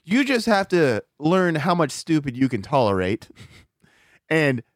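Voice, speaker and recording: Male, 40, higher-pitched, profane and animated raconteur; dry, close-miked recording. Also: unhurried, no room sound. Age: 40s. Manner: profane, animated storytelling with acted-out quotes. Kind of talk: casual storytelling chat.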